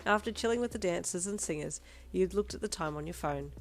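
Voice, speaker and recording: Woman, low voice, steady audiobook narration, faint music underneath. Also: quick pace. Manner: steady second-person storytelling. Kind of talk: fan fiction audiobook reading.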